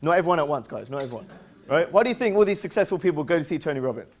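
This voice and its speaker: Male seminar presenter, English accent, high voice; upbeat, playful, works the crowd with call-and-response. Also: lively intonation, rapid-fire. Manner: playful, teasing jokes. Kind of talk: interactive motivational seminar talk.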